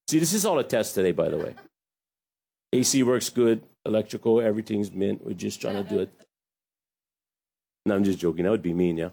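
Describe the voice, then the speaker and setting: A man preaching a sermon as pastor, lively, with joking asides. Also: fairly low pitch, a little fast, creaky, pauses often, slightly rough.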